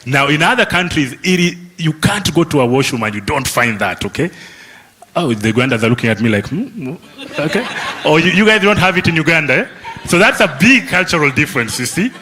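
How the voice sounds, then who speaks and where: A man's voice: a little high, expressive, fast, bright, forceful tone. A man facilitating a youth summit session, teasing the audience and tagging questions with "eh?" and "okay?". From Kenya. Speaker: workshop facilitator. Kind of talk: lively audience interaction at a summit. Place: conference hall.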